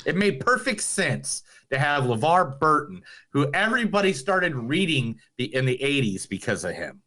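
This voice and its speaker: Bright-voiced man chatting on a podcast. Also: fairly high pitch, big pitch swings, moderate pace. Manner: loose, joking, reads out entertainment news. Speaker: podcast co-host. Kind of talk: casual podcast chat.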